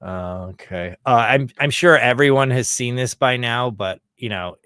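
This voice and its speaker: A man's voice: mid-range voice, normal speed, fairly bright tone, smooth, no room sound, studio quality. A man hosting a livestream, chatting casually between clips in a loose, rambling, profane way. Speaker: livestream host. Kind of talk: casual chat.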